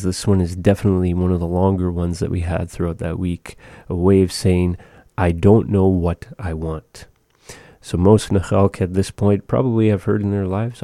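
A man with a very deep, very dark, mellow voice hosts a radio segment from a studio. He walks listeners through short phrases, repeating each one slowly and carefully. The mic sound is close and dry. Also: no room sound. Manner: slow, careful repetition of phrases. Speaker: radio host teaching language phrases. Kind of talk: casual radio talk with language lesson.

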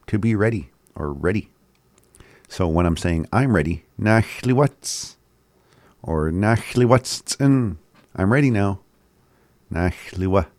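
A man giving a casual language lesson, slowly repeating words and chuckling often. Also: low voice, darkish tone, no echo. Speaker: language teacher.

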